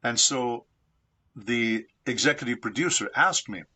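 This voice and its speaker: A man from San Diego, a voice actor being interviewed, telling anecdotes in a measured, reflective way. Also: medium pitch, pushed and bright, husky. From San Diego, United States. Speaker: voice actor guest.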